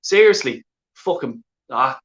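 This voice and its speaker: A man's voice: mid-range voice, lively intonation, a little slow, a bit bright, reverberant. An Irish man ranting angrily on a live stream as a football fan, swearing constantly and repeating himself. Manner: heavy swearing, exasperated, repetitive filler phrases. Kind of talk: angry live-stream rant.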